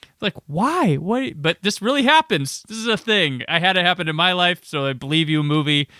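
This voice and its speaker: A man with a brisk, clean-toned voice on the high side hosts a podcast and chats casually. He's an animated storyteller who acts out the voices of the people he quotes. The studio recording is clean, with no room sound.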